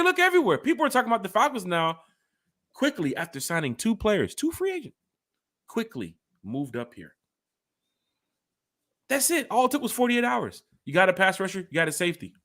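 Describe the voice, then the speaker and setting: A man with a drawl hosts a fan podcast, his pitch swinging high and low as he rambles on. His voice is a bit higher than most men's and comes out bright and forceful, and he keeps turning to his co-host. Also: normal speed. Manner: animated, rambling, talks straight to his co-host. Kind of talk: casual sports fan chat.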